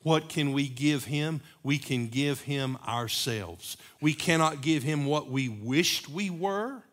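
A pastor preaches a sermon in a slightly high voice for a man. He builds to loud, emphatic peaks, then drops to quiet, repeated phrases for weight.

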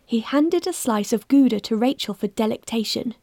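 A woman reads a mystery story aloud in a steady, measured way. Her voice sits fairly high and bright. The recording is dry and close, with no room sound. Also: no echo. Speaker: narrator. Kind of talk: scripted narration.

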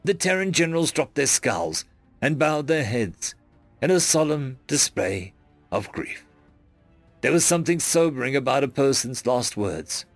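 A man reading a first-person science fiction story aloud in an earnest, expressive storytelling manner. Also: medium pitch, unhurried, no room sound, faint music behind. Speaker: narrator. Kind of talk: first-person audiobook narration.

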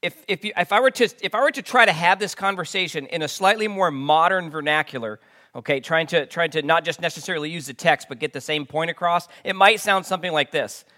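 A man's voice: on the high side, fast talker, bright, forceful tone. A man preaching a conversational sermon, often restarting his sentences. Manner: conversational, with frequent restarts and fillers. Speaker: pastor.

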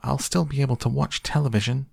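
A squeaky, shrill tiny boy in a storybook reading, bratty and obsessed with television, put on by a male narrator. The voice sits far above the narrator's own low register and comes out husky over a dry, close sound. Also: fairly even intonation, fast, dry recording. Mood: whiny. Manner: shrill, whiny demands. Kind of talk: audiobook character voice.

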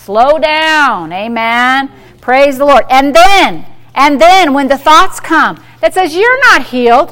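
A woman's voice: a little high, a bit bright. A woman pastor preaching a sermon to a small group, emphatic and call-and-response, acting out dialogue with the devil.

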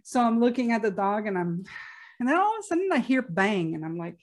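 A woman's voice: mid-range voice, lively intonation, a little fast. A middle-aged woman telling a personal story in a casual, chatty way, laughing now and then between lots of fillers.

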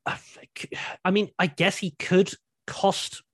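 A man co-hosts a casual podcast, talking animatedly and circling back on his own sentences as he thinks. His voice sits a touch high. The sound is dry and close, with no room around it. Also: slow, no room sound. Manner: animated, thinks aloud with restarts. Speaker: podcast co-host. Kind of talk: casual wrestling chat.

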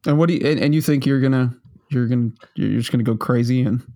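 A man's voice: medium pitch, fast, warm tone. A man in casual chat, rambling and self-mocking, with lots of fillers and swearing.

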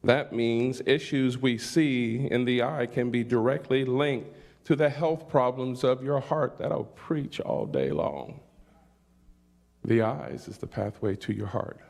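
A man's voice: medium pitch, vocal fry, darkish tone. An older man preaching a sermon, reading scripture aloud and calling out hallelujah between points. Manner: slow, deliberate delivery with scripture readings and call-outs.

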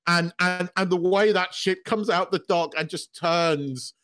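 A man's voice: sits high, measured pace, sharp tone, faint music behind. A man co-hosting a podcast, gushing and swearing as an emotional fan in casual chat. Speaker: podcast co-host.

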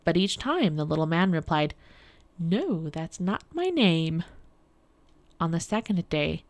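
A woman from a public library reading a fairy tale aloud for radio in a calm, measured way. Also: fairly low pitch. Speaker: library storyteller. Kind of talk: storybook read-aloud for radio.

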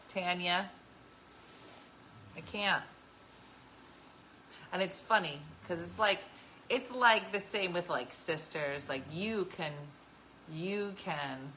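A woman's voice: on the low side, bright, forceful tone, a little hiss or hum, poor audio. A woman hosting a casual chat show, talking with viewers, laughing often and acting out what people said. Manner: chatty, laughs often, acts out quoted voices. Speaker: host.

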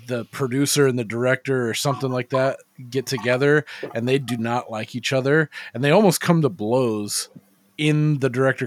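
A man co-hosting a podcast, chatting casually, excitable and swearing. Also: medium pitch. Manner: excitable, swears, short reactions. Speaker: podcast co-host.

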